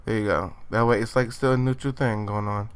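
A man's voice: fairly low pitch, steady tone, brisk, clean tone. A young man in his late teens giving sassy, chatty let's-play commentary with playful exclamations. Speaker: gaming channel host.

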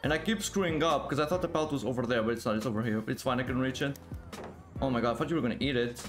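A man giving excited live gameplay commentary, exclaiming often and repeating words in quick bursts. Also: mid-range voice, music in the background. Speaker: gaming video creator.

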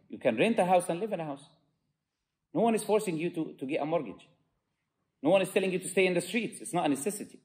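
A man's voice: on the high side, a little mellow. A man giving an impassioned mosque lecture as a preacher, fervent and peppered with Arabic phrases.

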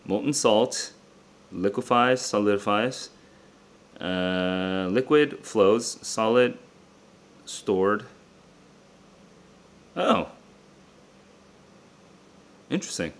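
A man's voice: on the low side, expressive, extremely slow, long pauses. Tired young man muttering through test questions. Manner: muttering, self-checking, casual asides to viewers. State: tired and distracted. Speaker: SAT tutor. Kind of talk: thinking aloud while solving test questions. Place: his room.

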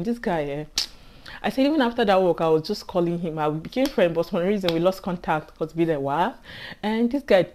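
A young woman with a Nigerian accent telling a personal work story to camera in a casual, animated way, laughing often and acting out what others said. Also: on the low side. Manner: animated, laughs often, acts out quoted speech. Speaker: healthcare assistant vlogger.

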